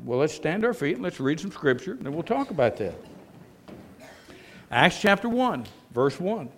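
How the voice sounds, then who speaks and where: Speaking in a mid-range voice, this pastor delivers his sermon like a conversation and frequently poses rhetorical questions to those listening.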